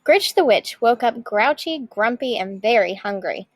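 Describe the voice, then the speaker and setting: A woman teacher reading a picture book aloud with lively expression. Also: fairly high pitch, unhurried, dry recording, low-quality recording.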